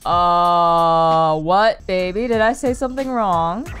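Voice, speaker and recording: A woman's voice: fairly low pitch, slow pace, a bit bright. A woman streamer commenting casually on a dating game, self-mocking and swearing freely. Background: faint game music.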